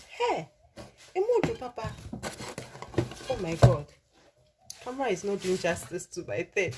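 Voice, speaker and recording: A woman vlogger doing a casual unboxing for her cooking channel, gushing and exclamatory and repeating herself in excitement. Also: high voice, slow pace, pauses often, heavy background noise.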